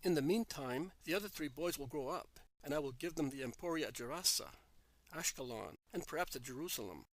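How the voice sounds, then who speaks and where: Boastful older merchant in an audiobook, read by a man, slightly high voice, dry. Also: expressive, brisk, fairly bright tone, no room sound. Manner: boastful, then resigned. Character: ambitious older male merchant, dreaming of wealth.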